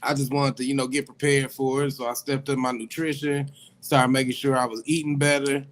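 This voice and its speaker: A man with a Midwestern US accent, co-hosting a radio show and calmly explaining health habits in casual chat. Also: mid-range voice, a little fast. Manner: easygoing, explains things steadily. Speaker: co-host.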